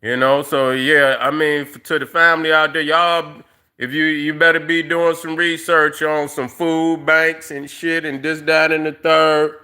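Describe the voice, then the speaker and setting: A man's voice: fairly high pitch, little pitch movement, a little slow, pushed and bright, clean tone. A middle-aged man ranting on a casual livestream, profane and rambling, with lots of fillers, talking straight to his viewers. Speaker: livestream host.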